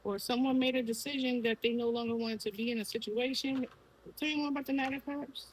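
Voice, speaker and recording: A woman's voice: fairly high pitch, steady tone, a little fast, slightly rough, rough recording. A woman with a Brooklyn accent giving a casual tarot reading, talking straight to the viewer and asking the cards questions aloud. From Brooklyn, New York. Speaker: tarot reader.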